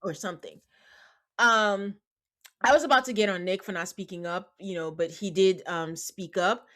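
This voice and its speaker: A woman's voice: medium pitch, normal speed. A woman hosting a podcast, recapping a reality show in casual chat and acting out the people she quotes. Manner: animated, quotes people in put-on voices; calls listeners "guys". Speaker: podcast host.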